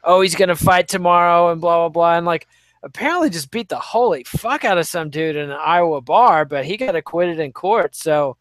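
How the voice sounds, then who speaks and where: A man with a high-pitched voice talks on a podcast, offering wry commentary that meanders with plenty of fillers. The sound is dry and close. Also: animated, normal speed, dry recording. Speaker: podcast co-host. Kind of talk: casual chat.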